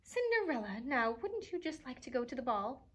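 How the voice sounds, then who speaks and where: A woman's voice: high-pitched, sing-song, moderate pace, a bit bright, heavily acted. A woman reading aloud and voicing spiteful stepsisters who tease and sneer. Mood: teasing. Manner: teasing, sneering.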